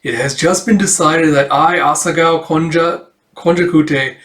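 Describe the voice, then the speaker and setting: A man's voice: fairly high pitch, fairly even intonation, measured pace, fairly bright tone. A man voicing a cheerful, showy young man from a comic who jokes and teases. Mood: announcing.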